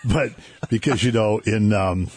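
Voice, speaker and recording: A man chatting casually about scripture on a talk show, relaxed and chuckling as he tells stories. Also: on the low side, unhurried, dry recording, studio quality. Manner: conversational, chuckling, relaxed storytelling. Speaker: co-host discussing scripture. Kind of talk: casual Bible discussion.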